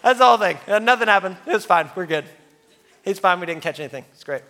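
Man, pastor, sermon story, self-mocking laughs, slightly high voice, long reverb. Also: quick pace. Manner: animated storyteller, laughs at himself.

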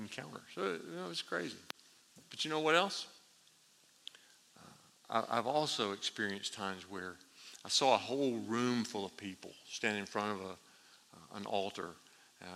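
Male pastor, bright tense tone, animated storyteller, long hall reverb. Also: mid-range voice, vocal fry, a little hiss or hum. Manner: animated storyteller, laughs at his own story. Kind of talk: sermon with storytelling.

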